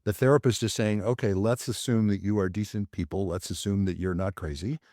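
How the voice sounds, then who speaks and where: Male psychologist guest, mellow and low, measured delivery, dry close sound. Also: steady tone, no room sound. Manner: thoughtful, measured, gently laughing. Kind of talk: conversational interview.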